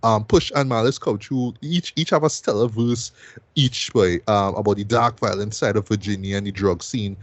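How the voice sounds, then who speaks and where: A man's voice: on the low side, moderate pace, no echo. A man hosting a music review show, talking loosely and casually and ending most sentences with "right?".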